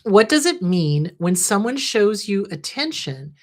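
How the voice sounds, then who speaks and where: A middle-aged woman hosting a therapy podcast, talking frankly and casually about crying and grief, often repeating soft reassurances. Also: mid-range voice, sing-song, measured pace. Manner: candid, frank, soothing reassurance. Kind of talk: casual advice talk.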